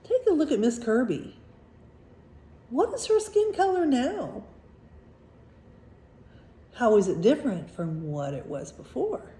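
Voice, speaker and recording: Gentle woman story reader for children; mellow, animated, unhurried. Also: a little high. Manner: gentle, questioning, engaging. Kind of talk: reading aloud to children, asking questions. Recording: roomy echo.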